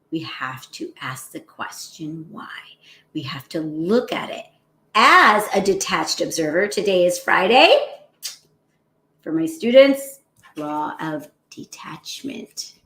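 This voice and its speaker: A woman's voice: on the low side, roomy sound. A woman physician hosting a casual motivational talk, acting out harsh inner voices and often checking in with "right?". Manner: animated, acts out self-critical inner voices, often adds "right?".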